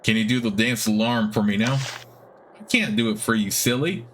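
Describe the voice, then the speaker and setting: A man voicing a simple, friendly giant spider with a squeaky, high-pitched voice, reading game dialogue. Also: normal speed, fairly bright tone, slight background noise, natural voice. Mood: chirpy friendly. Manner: naive, chirpy, short simple sentences.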